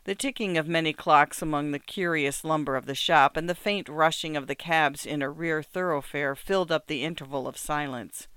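A narrator reading classic fiction in a measured, even way. The voice is smooth and clean, with a dry, close sound and little room. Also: mid-range voice, no room sound.

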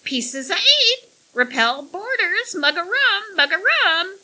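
A woman voicing a male parrot that squawks pirate phrases in a shrill, piercing voice. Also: sing-song, slow pace, bright, forceful tone, full character voice. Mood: squawking.

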